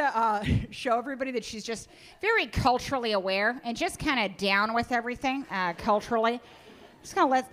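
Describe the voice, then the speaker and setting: A woman's voice: medium pitch, background noise. A young woman comedian telling stories on a club stage in a sardonic, exasperated way. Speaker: stand-up comedian. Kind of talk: stand-up comedy set. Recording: live club with audience laughter.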